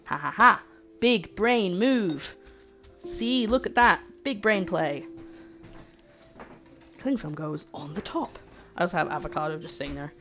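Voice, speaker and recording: A woman hosts a casual cooking livestream, chatting and joking with her viewers as she works. Her voice sits a touch low, and faint music plays in the background. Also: expressive, moderate pace, pauses often, bright, forceful tone. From lives in Scotland. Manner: chatty, jokey, self-deprecating, talks to chat.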